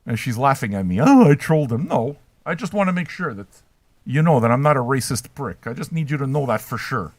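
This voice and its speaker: Brash, foul-mouthed older man, lively pitch. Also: brisk, no room sound. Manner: brash, trolling, swears constantly. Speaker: livestream host reacting to chat. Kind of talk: profane, rambling livestream chat.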